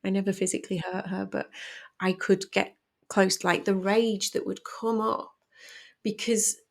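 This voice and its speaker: A woman's voice: mid-range voice, a little slow, creaky. A middle-aged woman speaking candidly and emotionally as a podcast guest about parenting. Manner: candid, emotional, animated storytelling. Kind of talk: personal conversation.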